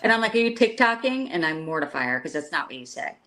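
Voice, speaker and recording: A woman's voice: low-pitched, expressive, racing, bright, forceful tone. A middle-aged woman chatting casually, telling laughing family anecdotes. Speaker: guest. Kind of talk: casual chat.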